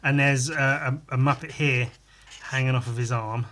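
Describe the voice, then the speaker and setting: A man hosts his podcast while drawing, chatting casually as he works. His voice is bright and clear, and he wanders between muttered asides and crude, jokey remarks. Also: medium pitch, fairly even intonation, moderate pace, a little hiss or hum. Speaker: podcast host drawing live.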